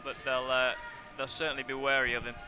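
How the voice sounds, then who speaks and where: A man giving relaxed, analytical color commentary on a live football game, with the odd joke. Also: mid-range voice, fast, soft background music.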